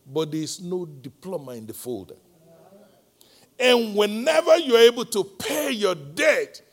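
A middle-aged man with a Nigerian accent preaches to his church. His voice sits high for a man and swings widely, bursting into loud emphatic lines, then sinking to soft, near-quiet storytelling. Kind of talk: sermon.

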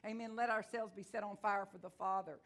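A woman's voice: medium pitch, steady tone, fairly quick, a bit bright. A woman with a Texan accent preaching a sermon in a church, fervent and folksy, telling stories and calling out amen. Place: church service before a congregation.

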